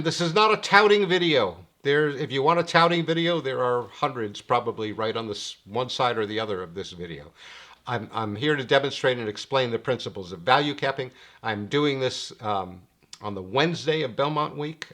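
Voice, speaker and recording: Wry lecturing man explaining betting. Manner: wry, lecturing, lively swings in pitch. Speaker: handicapping teacher. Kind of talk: screen-share explainer monologue.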